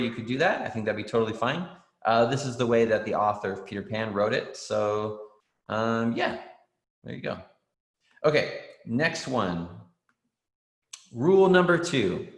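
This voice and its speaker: Man, encouraging teacher, kids' writing class, mid pitch, echoey room. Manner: encouraging, reads out student answers, frequent ums. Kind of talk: online writing class for kids. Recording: roomy echo.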